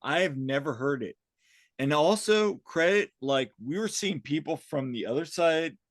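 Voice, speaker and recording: Excitable man rambling through stories. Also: fairly high pitch, moderate pace, no room sound. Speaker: podcast co-host. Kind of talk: casual chat.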